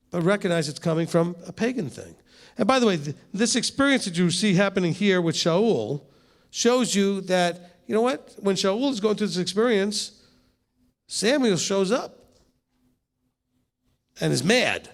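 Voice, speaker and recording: A rabbi leading a conversational Bible teaching session with a group, asking rhetorical questions and teasing his listeners. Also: sits high. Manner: talks straight to the room, rhetorical questions, teasing asides.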